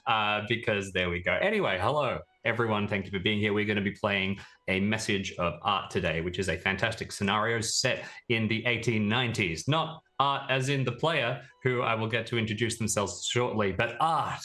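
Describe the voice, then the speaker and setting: A man's voice: fairly low pitch, fairly quick, hardly any pauses, sharp tone. A man, the game master, chatting casually and tripping over his words as he opens a tabletop game. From Australia. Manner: chatty, laughs easily, trips over words.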